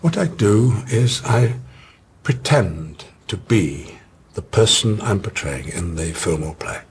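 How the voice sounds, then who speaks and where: A pompous older actor explains his craft in a scripted comedy scene, patronizing and theatrical. The voice sits fairly low. Faint background noise runs under the scene. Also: very animated, slow, full character voice. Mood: condescending.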